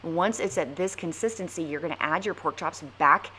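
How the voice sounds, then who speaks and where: A woman's voice: lowish voice, moderate pace, bright, forceful tone, a little hiss or hum. A mom hosting a casual cooking vlog from her home kitchen, chatty and jokey as she walks through family dinners.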